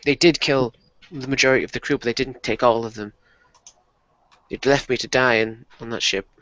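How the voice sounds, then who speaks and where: A man's voice: medium pitch, fairly even intonation, fairly quick, fairly bright tone, dry recording, highs cut off. A man taking part in a tabletop role-playing game as a player, describing his character's experience.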